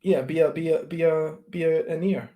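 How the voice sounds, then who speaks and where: A man's voice: on the high side, steady tone, moderate pace, warm tone. A man hosting an interview who searches for words, restarting as he asks questions. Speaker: podcast host.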